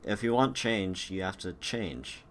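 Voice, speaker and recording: A man hosting a casual video call chat, easygoing and quick with short agreeing replies. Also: sits low, lively intonation. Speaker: host.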